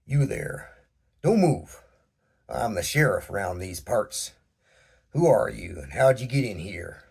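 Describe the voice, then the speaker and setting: A stern male sheriff rock from a children's storybook, played by a man barks his orders loudly. His husky voice rings with authority, and he bellows his questions. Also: on the low side, expressive, slow, heavily acted.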